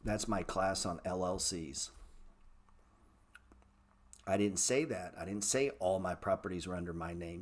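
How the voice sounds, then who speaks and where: A man's voice: deep voice, measured pace, long pauses. A middle-aged man hosting a casual trading livestream, blunt and profane as he lectures viewers in the chat. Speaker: trading show host answering viewer chat.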